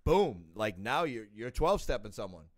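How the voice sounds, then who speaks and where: A man's voice: mid-range voice, sing-song, normal speed, dry recording, studio quality. A man hosting a podcast, chatting casually, often repeating and restarting his words. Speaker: podcast host. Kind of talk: casual chat.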